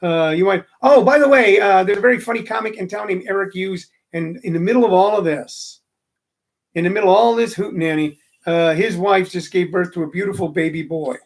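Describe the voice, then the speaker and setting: Middle-aged male host, high gravelly voice, loose rambling live-stream chatter. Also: a little fast. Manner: rambling, chatty, many fillers. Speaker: comedy radio show host. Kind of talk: casual live-stream chat. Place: room with phone and microphone. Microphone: studio microphone.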